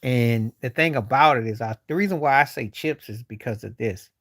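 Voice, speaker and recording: A man's voice: mid-range voice, a little fast, fairly bright tone, no echo, clean studio sound. A man hosting a livestream, rambling loosely with slang while answering viewers in casual chat. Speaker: livestream host.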